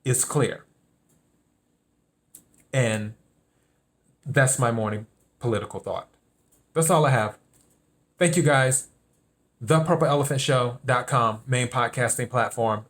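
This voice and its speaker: A man delivering a solo commentary monologue as podcast host, in a voice of ordinary middle pitch. He talks emphatically and comes back to the same points again and again. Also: measured pace, long pauses. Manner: emphatic, repeats key points.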